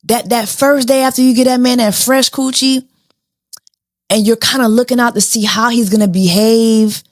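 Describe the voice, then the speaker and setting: A woman's voice: a little high, fairly even intonation, moderate pace, no echo, clean studio sound. A woman hosting a casual reality TV recap, sassy and slangy, firing off rhetorical questions. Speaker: show host.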